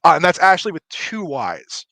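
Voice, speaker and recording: A man's voice: high voice, wildly swooping pitch, moderate pace, gravelly, bright, forceful tone, dry recording. A man narrating a tabletop game as dungeon master, playful and chatty. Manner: playful, chatty, full of fillers like 'like'.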